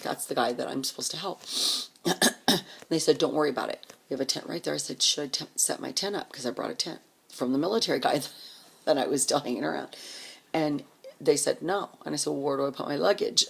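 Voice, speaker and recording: Woman telling her own story, blunt and salty, husky low voice with whispered asides. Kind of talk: casual personal storytelling.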